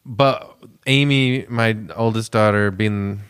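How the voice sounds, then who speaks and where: A man's voice: on the low side, slow, a bit bright, clean tone. A man co-hosting a podcast who works as a stand-up comedian, talking in a loose, rambling, joking way and laughing often. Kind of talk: casual podcast chat.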